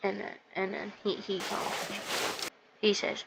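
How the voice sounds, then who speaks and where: A woman narrating a video game as she plays, excitable and rambling, stringing her thoughts together with repeated "and then". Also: medium pitch, takes it slowly, gravelly, low-quality recording. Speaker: gamer reviewing a video game. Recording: loud background noise.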